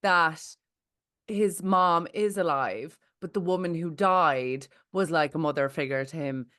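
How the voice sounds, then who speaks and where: A woman co-hosting a relaxed pop culture podcast, with a somewhat low voice. She offers wry, thoughtful commentary in casual chat. The sound is close and dry. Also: measured pace, no room sound. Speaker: podcast co-host.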